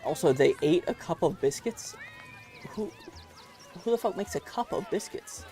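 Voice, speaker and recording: A man's voice: sits high, expressive, moderate pace, mellow, faint music behind. A man streaming a video game, rambling and joking in casual commentary.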